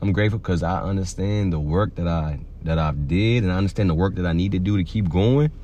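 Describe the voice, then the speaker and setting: Low-voiced man giving a loose slangy pep talk. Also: brisk, dark tone, dull audio. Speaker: podcast host. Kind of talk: casual motivational monologue.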